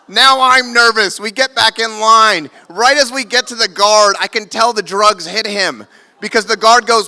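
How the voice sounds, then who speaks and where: A man in his thirties telling a comic story live on a theater stage, animated and lively. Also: high voice, moderate pace.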